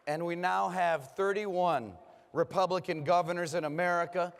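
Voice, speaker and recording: A man giving a rousing political conference speech from a podium, his voice hoarse from overuse, with punchy applause lines. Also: sits high, fairly even intonation, normal speed. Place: large conference hall. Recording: long reverb of a big hall.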